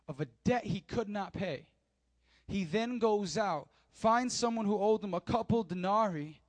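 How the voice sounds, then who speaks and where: High-voiced man preaching emphatically. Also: dry recording. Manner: emphatic, repeats key points, addresses congregation directly. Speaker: pastor. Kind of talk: sermon with bible reading.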